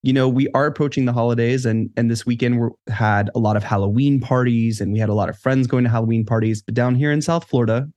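A man's voice: mid-range voice, steady tone, quick pace, hardly any pauses, a little mellow, dry recording, muffled recording. A man co-hosting a podcast in casual, easygoing conversation, steering the talk between topics. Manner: easygoing, conversational, leads segments. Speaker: podcast co-host. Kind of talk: casual chat.

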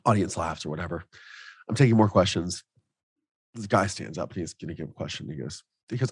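A man's voice: low voice, lively intonation, brisk, breathy edge, no room sound. A man guesting on a podcast, telling his story in a heartfelt way, at times close to emotional. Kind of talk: casual interview chat.

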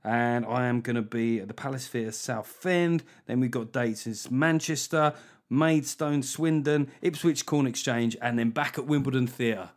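Sweary joking English podcast host. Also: male voice, mid-range voice. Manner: sweary, mocking, jokey with quick asides. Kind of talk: casual comic podcast chat.

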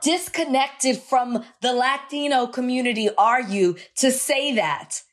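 A woman's voice: high voice, measured pace. A woman co-hosting a podcast, speaking bluntly and outspokenly in casual chat. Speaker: podcast co-host.

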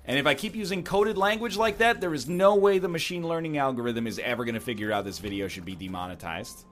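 A man's voice: mid-range voice, fast talker, fairly bright tone. A man giving rambling, jokey commentary while playing a video game, full of wry asides. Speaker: gameplay commentator. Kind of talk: gameplay commentary with rambling jokes.

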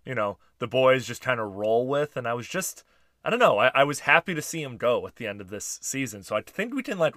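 A man's voice: medium pitch, a bit bright, dry recording, studio quality. A man hosting a podcast, chatting casually and steering the talk with questions. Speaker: podcast host. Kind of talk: casual chat.

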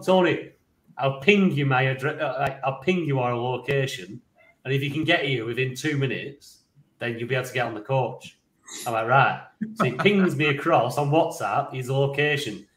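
Man, podcast co-host, rambling anecdote, swears a lot, mid-pitched voice, echoey room. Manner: lively rambling storyteller, swears freely, laughs along. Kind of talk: casual anecdote telling.

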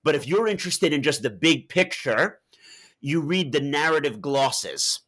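Man, author interview, discursive anecdotal answers, bright tone, higher pitch. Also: animated, unhurried. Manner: discursive, tells anecdotes with quoted dialogue.

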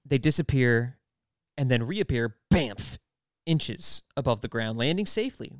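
A man walks through an episode's plot like he's telling a story to friends, breaking into laughter along the way. His voice is smooth and clear, recorded close and dry with no room sound. He sits at an even, ordinary pitch. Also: unhurried, no room sound. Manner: animated storytelling recap, laughs often. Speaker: podcast co-host recapping an episode. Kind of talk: casual chat.

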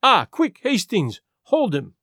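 Placid, fussy little detective, gentle lecturing delivery, lively intonation, voiced by a man. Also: high-pitched, slow pace, slightly rough, no echo, studio quality, full character voice. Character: small fussy male detective, placid and self-assured.

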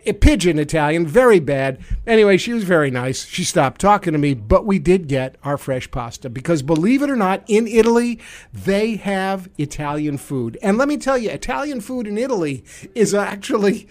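High-voiced sarcastic radio host. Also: male voice, expressive, moderate pace. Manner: sarcastic, jokey storytelling. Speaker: radio talk show host. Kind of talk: casual talk radio monologue.

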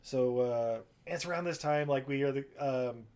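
A man's voice: medium pitch, moderate pace, a little mellow, smooth. A man casually recapping a movie plot in a rambling, profane way, acting out the characters in raised voices. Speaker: podcast co-host.

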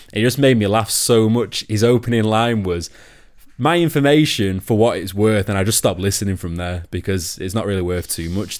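A man giving casual, opinionated football analysis on a podcast, talking in long run-on thoughts. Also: low voice. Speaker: podcast pundit.

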